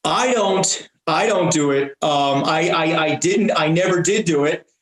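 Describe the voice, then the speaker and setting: A comedian in his fifties, a guest in a casual interview, talks bluntly and haltingly with many restarts and the odd curse. His voice sits on the high side with a fairly bright tone, and there is a roomy echo.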